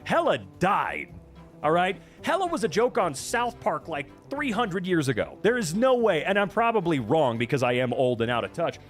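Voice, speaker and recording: A man riffs through a reaction stream in a lively, swooping voice that sits a little high for a guy. His delivery is sarcastic and profane, full of mock outrage, with faint music behind him. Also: normal speed. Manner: animated, profane, sarcastic rants. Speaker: VTuber streamer reacting to posts. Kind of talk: casual reaction commentary.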